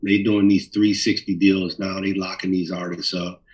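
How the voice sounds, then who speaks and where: A middle-aged man from Minnesota, a bassist telling stories in an interview with lively animation. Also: normal speed, recorded from a distance, poor audio. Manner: animated storyteller, acts out voices in quotes. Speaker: bassist guest. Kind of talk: storytelling interview.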